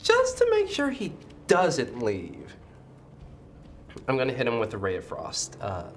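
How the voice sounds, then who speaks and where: A man playing a tabletop game, calmly describing what his character does. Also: mid-range voice, a little slow, faint music behind. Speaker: player. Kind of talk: casual tabletop game play.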